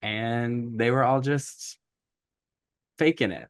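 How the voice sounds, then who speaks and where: A man's voice: mid-range voice, slow pace, no echo, studio quality. A man co-hosting a podcast, retelling a movie plot in casual, rambling chat, acting out characters' lines as he goes. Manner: rambling, animated retelling with acted quotes and frequent likes. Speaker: podcast co-host.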